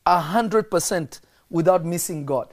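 A man's voice: fairly high pitch, measured pace. A man preaching as a prophet on a podcast, stressing and repeating key lines and quizzing his listeners.

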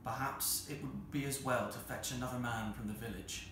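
A man's voice: medium pitch, fairly even intonation, normal speed, natural voice. A man voicing a fussy, alarmed old country vicar in a storybook reading. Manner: fussy, exclamatory. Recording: roomy hall with faint noise.

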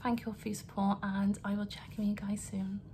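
A young woman talks to her camera from home in an earnest, rambling way, apologising as she goes. Her pitch sits in a middling range. A faint hiss of room noise stays under her voice. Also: flat delivery, fast talker, darkish tone. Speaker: vlogger. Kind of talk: emotional vlog rant to camera. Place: home, indoors.

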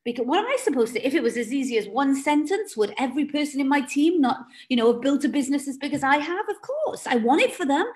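A woman's voice: high voice, lively intonation, quick pace, few pauses, a little mellow. A woman, a network marketing team leader, giving an emphatic, direct motivational training talk with rising exclamations.

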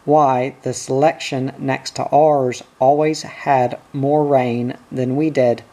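A man voicing an older, whimsical poet miner who speaks mildly and wryly, read slowly. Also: mid-range voice, level tone, dark tone. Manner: mild, wry, sentimental. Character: old whimsical poet miner, mild and teasing.

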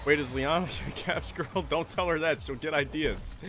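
A man streaming a boxing game, commenting live, greeting viewers and bursting into excited shouts. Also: on the high side.

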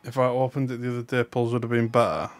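Glum North East English lad opening cards. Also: male voice, mid-range voice, flat delivery, fast. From North East England. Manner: glum, self-mocking, chatting to viewers. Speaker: card-opening streamer. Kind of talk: casual livestream chat.

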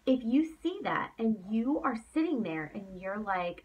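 A woman's voice: a little high, very animated, measured pace, few pauses, darkish tone, distant mic, poor audio. A woman giving a motivational coaching talk to her sales team. She is emphatic, repeats points for effect, and is tired from talking late at night. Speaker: team leader.

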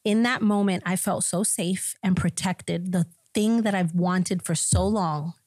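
Animated woman pastor telling her story. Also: fairly low pitch, unhurried, no echo. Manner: laughs often between lines. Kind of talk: personal testimony in a podcast conversation.

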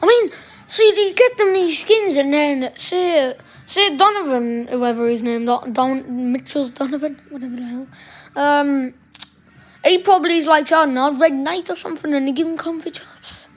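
High-voiced chatty gamer woman. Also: unhurried. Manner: rambling, chatty, mild swearing. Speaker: gaming streamer. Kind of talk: casual gameplay commentary.

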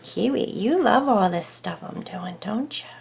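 Lady doing a slow chatty craft tutorial at home, talks to herself n her dogs, can't decide on stuff. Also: mid-range voice, lively intonation, creaky, background noise. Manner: indecisive thinking aloud, drifting into soft murmurs.

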